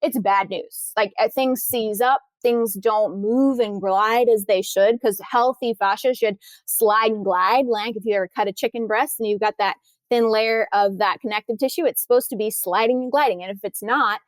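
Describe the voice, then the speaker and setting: A woman's voice: mid-range voice, normal speed, no room sound. A woman talking as a podcast guest, telling stories with enthusiasm and frequent restarts. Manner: enthusiastic, animated storytelling with many restarts. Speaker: guest, corrective exercise trainer. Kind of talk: casual podcast interview.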